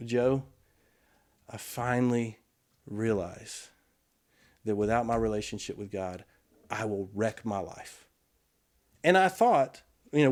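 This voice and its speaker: A middle-aged man telling an earnest, reflective story in casual conversation as a podcast guest, with frequent restarts and quiet asides. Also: medium pitch.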